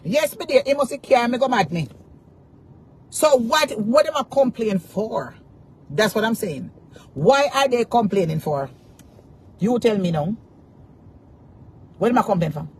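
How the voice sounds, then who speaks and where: Husky Jamaican woman ranting defiantly. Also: on the high side, lively intonation, unhurried, long pauses, darkish tone. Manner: defiant, cursing in Jamaican Patois, repeating taunts. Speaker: social media personality. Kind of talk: angry rant to camera.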